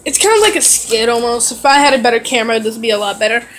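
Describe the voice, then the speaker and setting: A young woman from Texas with a high voice vlogs at home into her phone camera. She talks in a loose, chatty way, wanders between points, and drops casual swear words. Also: racing, fairly bright tone, slight background noise, rough recording. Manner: chatty, digressive, swears casually, self-mocking. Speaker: vlogger. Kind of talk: casual rambling vlog.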